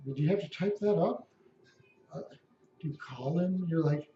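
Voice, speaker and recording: A man's voice: high voice, very animated, measured pace, pauses often, warm tone. A man at home delivering a wry, rambling, profane comic monologue. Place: at home, indoors. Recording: echoey room, dull lo-fi sound.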